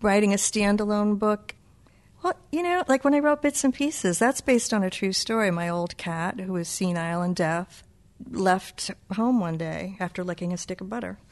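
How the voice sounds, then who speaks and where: A middle-aged children's book author with a Boston accent talks in a casual interview, playful and poking fun at herself. Her mid-range voice moves at a moderate pace.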